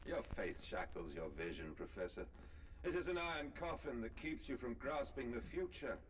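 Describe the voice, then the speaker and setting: A man's voice: medium pitch, animated, normal speed, natural voice. Man playing a fanatical zealot, grandiose, contemptuous, swooping delivery, distant game audio, faint hiss. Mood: scornful. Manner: declamatory, contemptuous.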